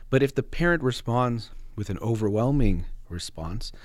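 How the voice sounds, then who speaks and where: A man giving a thoughtful, measured explanation of parenting and feelings, trailing off softly at the ends of phrases and pausing with fillers. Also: medium pitch, expressive, no room sound. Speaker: speaker on parenting and emotions. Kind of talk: reflective explanatory monologue.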